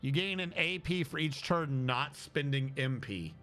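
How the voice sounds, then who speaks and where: A man's voice: fairly high pitch, measured pace, a bit bright, soft background music. A man streaming a video game, chatting and thinking aloud as he reads the game text. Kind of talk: casual gaming commentary.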